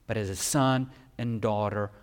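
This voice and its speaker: A male pastor preaching a sermon emphatically, swinging from loud peaks down to quiet. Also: on the low side, steady tone, measured pace. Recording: long hall reverb.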